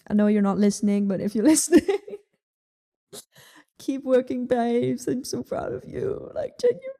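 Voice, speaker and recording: A woman's voice: on the high side, mellow. A young woman with a Dutch accent chatting casually about music, with lots of ums and likes and frequent swearing. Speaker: music vlogger. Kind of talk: casual music review chat.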